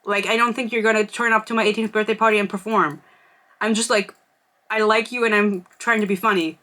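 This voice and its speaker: A woman's voice: mid-range voice, steady tone, fairly quick, bright, forceful tone. A young woman from Germany hosting a podcast, telling a gossipy story in casual chat and filling her talk with "like". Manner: chatty, gossipy storytelling with frequent "like" fillers. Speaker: podcast host.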